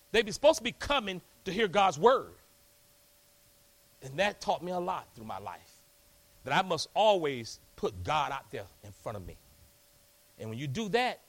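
Preacher man in church, high voice, swoops all over, folksy and fired up, keeps asking the room to answer back. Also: fairly bright tone. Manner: folksy, rousing, call-and-response. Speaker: pastor. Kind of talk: lively sermon. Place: church hall.

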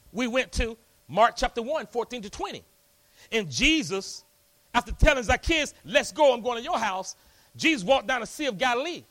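A man preaching a lively sermon in a church, folksy and rousing, calling out to the congregation. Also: high-pitched. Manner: folksy, rousing, call-and-response. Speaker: pastor. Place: church hall.

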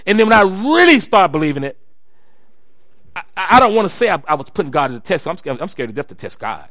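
A middle-aged pastor preaching to his church. His voice is high and sharply bright. He tells stories, then climbs into loud, shouted preaching, and the sound is dry and close. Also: very animated, fast talker, dry recording. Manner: storytelling, rising to shouted preaching. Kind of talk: sermon.

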